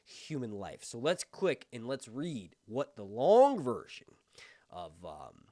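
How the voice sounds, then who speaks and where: A man hosting a fan review channel, talking with excited enthusiasm and often breaking into exclamations. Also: medium pitch, slow, no echo, clean studio sound. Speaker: book and TV review channel host. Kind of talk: excited fan commentary with read-aloud passages.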